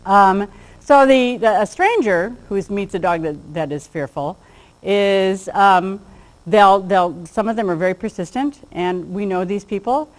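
Teaching a class about handling dogs, this woman keeps things easygoing, acting out short dialogues and occasionally chuckling at her own humor. She's a dog behavior trainer speaking at a medium pitch and an unhurried pace, captured in poor-quality audio.

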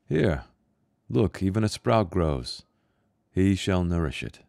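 A man voicing a weary, gentle wanderer who speaks calmly and soothingly to a child. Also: low voice, slow, creaky, dry recording, clean studio sound, full character voice. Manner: calm, soothing.

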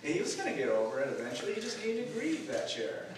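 A man in his forties preaching a sermon, telling a personal story in a self-deprecating way with frequent filler pauses. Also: on the high side, wildly swooping pitch. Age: 40s. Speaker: pastor. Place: church sanctuary. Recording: distant, very echoey church recording with noise.

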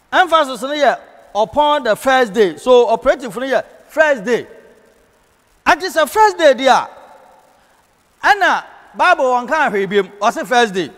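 A Ghanaian man leads a Bible class in a preaching manner, his voice pitched very high. He slips into English whenever he reads scripture. The sound rings out with the long reverb of a large hall. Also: big pitch swings, measured pace, a bit bright. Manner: preaching in Twi, switching to English for scripture and key phrases. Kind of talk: sermon-style Bible teaching.

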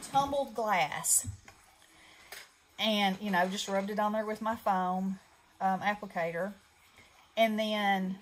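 A woman's voice: medium pitch, fairly bright tone, a little hiss or hum, low-quality recording. A middle-aged woman, chatting casually as she shows off her handmade craft projects, rambling with fillers. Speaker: craft channel host. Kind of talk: casual craft show-and-tell.

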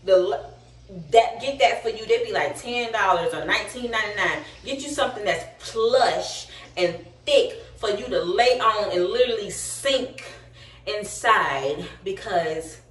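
A young woman vlogging in a candid, slangy, chatty way, a little out of breath. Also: medium pitch. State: slightly out of breath. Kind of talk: casual vlog storytelling. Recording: echoey room, distant mic.

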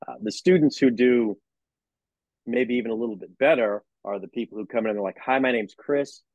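A man's voice: medium pitch, a little fast, no room sound, dull audio. A man who teaches sports management and works as a broadcaster, speaking as an interview guest on a video call and acting out conversations with his students. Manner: animated storyteller who acts out dialogues with students. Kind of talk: casual interview talk.

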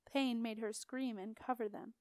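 A woman narrating a fantasy novel aloud in a steady, expressive storybook reading. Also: fairly high pitch, normal speed, no echo. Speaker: audiobook narrator.

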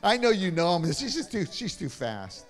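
A man, a pastor, casually hosting a Christmas trivia game in church, playful and chuckling as he reads the questions slowly. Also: sits high, very animated, big-room sound, soft background music. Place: church hall.

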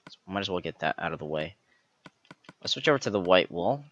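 A tutorial host narrates a step-by-step game building guide, methodically counting aloud each block he places. His slightly low voice sounds bright, forceful, and expressive, moving a little fast. The dry, slightly dull recording suggests a modest home setup.

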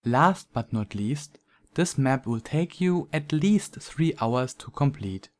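German guy reading his game review off a script, steady middle pitch, calm and even. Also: takes it slowly.

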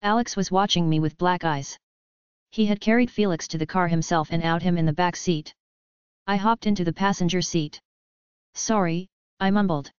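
A woman's voice: on the low side, brisk, clean tone, no room sound. A woman narrating a novel in the first person, reading expressively, in a dull, dry recording. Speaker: audiobook narrator.

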